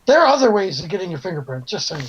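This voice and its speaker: A podcast co-host throwing in quick joking remarks during casual chat. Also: medium pitch, sing-song, poor audio. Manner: joking interjections.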